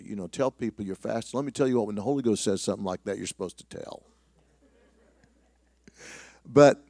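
A middle-aged man preaching, telling a personal story in a self-deprecating way with many restarts, sometimes dropping to a hushed voice. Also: lowish voice, no echo, studio quality. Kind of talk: sermon storytelling.

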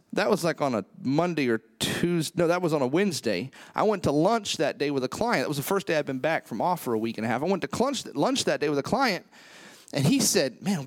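Male preacher, animated storyteller, high and very lively delivery, dry close sound. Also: dry recording. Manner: animated storytelling, rising pitch when excited. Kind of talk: sermon with personal stories.

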